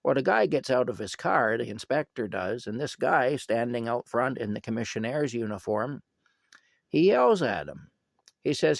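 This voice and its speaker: Man, rambling storyteller, gravelly voice, dry close sound. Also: medium pitch, big pitch swings, moderate pace, no room sound. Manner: rambling, chuckling, many asides. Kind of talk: casual storytelling.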